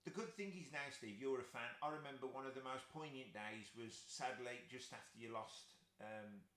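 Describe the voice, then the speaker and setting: A man's voice: medium pitch, moderate pace, fairly bright tone, reverberant. A man hosting a podcast interview, an enthusiastic fan gushing about his guest. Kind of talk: casual chat interview.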